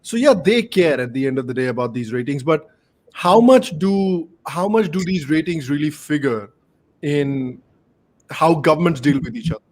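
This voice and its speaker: A man's voice: a little high, animated, normal speed, a little mellow. A man hosting a podcast in casual panel chat, laughing easily and slipping into Hindi phrases. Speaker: podcast host.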